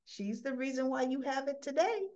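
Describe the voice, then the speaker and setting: A woman's voice: sits high, normal speed, darkish tone, lightly acted. A woman quoting a polite, reassuring female hospital worker on a muffled recording.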